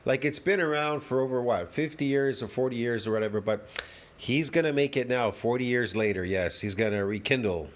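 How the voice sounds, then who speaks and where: Sarcastic rambling male reaction host. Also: a little fast. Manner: sarcastic, rambling, trails off into low mutters. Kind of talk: casual reaction commentary.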